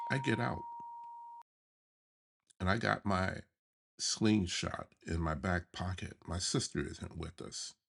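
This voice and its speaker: A man from the USA, hosting a podcast, telling a childhood memory in an animated way and chuckling as he goes. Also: deep voice, gravelly, slightly rough. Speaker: podcast host. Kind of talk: memoir storytelling podcast.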